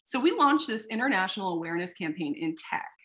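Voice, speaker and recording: A woman founder talking casually in an interview, telling a story with animated, acted-out quotes and casual swearing. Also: mid-range voice, fast talker. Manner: animated storyteller who acts out quoted dialogue. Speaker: founder of a sex tech company, podcast guest.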